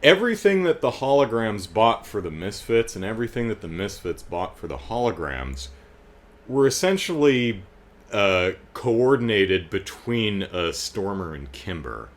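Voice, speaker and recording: A man's voice: fairly low pitch, big pitch swings, unhurried. A middle-aged man hosting a casual commentary, chatting with frequent fillers and restarts and wry, amused asides. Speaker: host reading and discussing comics.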